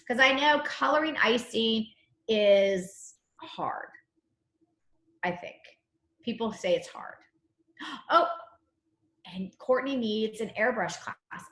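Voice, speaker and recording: A woman's voice: on the high side, bright, forceful tone. Bubbly, chatty woman teaching cookie decorating. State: slight cough. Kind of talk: live online class demo. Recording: echoey room.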